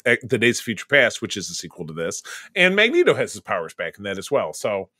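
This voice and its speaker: A man's voice: lowish voice, wildly swooping pitch, quick pace, sharp tone, dry recording. A man co-hosting a casual film podcast, rambling through scene recaps in a conversational way. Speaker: podcast co-host. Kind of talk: casual movie discussion.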